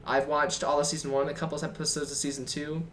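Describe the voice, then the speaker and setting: A man's voice: fairly high pitch, level tone, fast talker, fairly bright tone, slight background noise. A young man co-hosting a podcast, chatting casually with dry, teasing remarks. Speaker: podcast co-host. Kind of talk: casual chat.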